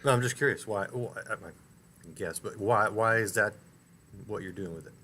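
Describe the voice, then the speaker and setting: Low-voiced male talk-show host. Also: moderate pace, bright, forceful tone, slight background noise. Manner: curious, easily amused questioner. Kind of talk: interviewing a guest.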